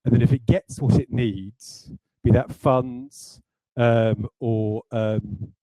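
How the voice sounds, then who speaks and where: A man's voice: mid-range voice, fairly even intonation, slow pace, mellow, no echo, poor audio. A man, a game designer, talking through design ideas in a rambling, self-deprecating way with many hesitations. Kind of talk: livestreamed design talk.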